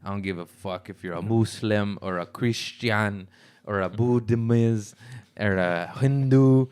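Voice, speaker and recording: Low-voiced man joking crudely. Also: measured pace, darkish tone, clean tone. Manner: profane, teasing, laughs often. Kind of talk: crude comedic banter.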